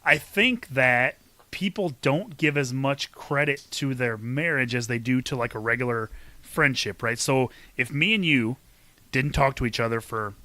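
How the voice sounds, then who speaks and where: A man's voice: mid-range voice, a little slow, bright, forceful tone, dry recording. A man co-hosting a podcast, playful and teasing, laughing often in casual chat. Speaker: podcast co-host.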